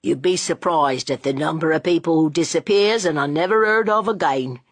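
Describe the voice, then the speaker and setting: A woman's voice: low-pitched, big pitch swings, unhurried, slightly rough, no echo, heavily acted. A woman voicing an easygoing, good-natured young man with a casual manner. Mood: cheerful. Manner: casual, cheerful.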